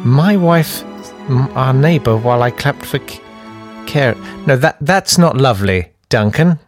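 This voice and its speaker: A man voicing a gentle, fussy older presenter who coos slowly over photos. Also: mid-range voice, expressive, faint music behind, natural voice. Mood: cooing. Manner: slow, cooing, ponderous.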